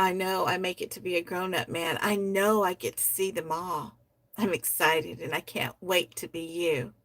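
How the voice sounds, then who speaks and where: A woman hosting a poetry livestream, reading members' poems aloud in a soft, heartfelt way and chatting about them between readings. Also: medium pitch, no echo. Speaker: host of a poetry society livestream.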